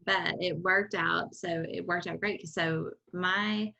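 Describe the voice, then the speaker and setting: A woman's voice: on the low side, fairly even intonation, slow, gravelly, bright, forceful tone. A middle-aged woman, co-hosting a podcast and telling rambling stories in casual chat. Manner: rambling, conversational with many asides. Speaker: podcast co-host. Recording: dull, slightly muffled sound.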